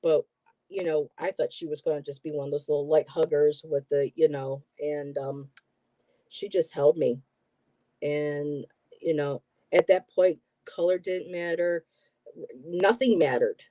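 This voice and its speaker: A middle-aged host from the Buffalo area with a mellow, darker tone. Talks in a rambling, emotional way full of fillers, recorded close and dry with no room sound. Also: medium pitch, fairly even intonation, measured pace, dry recording. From Buffalo, New York area. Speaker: host, tarot reader. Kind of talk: casual chat.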